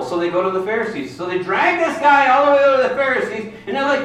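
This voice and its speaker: A man's voice: very high-pitched, lively intonation, quick pace, hardly any pauses, a bit bright. A man preaching a sermon, retelling a Bible story and acting out the characters' voices. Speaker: pastor. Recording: very echoey hall, mic at a distance.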